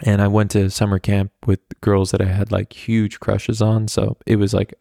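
A man's voice: fairly low pitch, level tone, normal speed, gravelly, mellow, dry recording, studio quality. An American man hosting a podcast, telling candid personal stories in a rambling, casual way, full of "like" fillers and swearing. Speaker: podcast host. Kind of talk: casual storytelling monologue.

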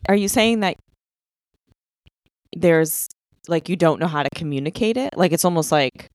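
A woman co-hosting a casual podcast, with a notably low voice. She lays out her points step by step and pauses to check that she is being followed. The recording is dry and close-miked. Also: expressive, dry recording. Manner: explanatory, checks in with "okay?". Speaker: podcast co-host. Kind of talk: casual conversation.

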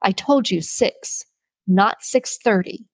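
A woman voicing a brutal, abusive farmer father with a gruff, threatening manner, in a plain, close, dry audiobook read. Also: medium pitch, slow, dry recording. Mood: harsh. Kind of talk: audiobook character voice.

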